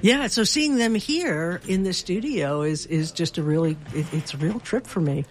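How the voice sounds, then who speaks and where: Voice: mid-range voice, expressive, normal speed, a little hiss or hum. A speaker from Chicago joking relaxedly in casual on-air chat in a radio studio.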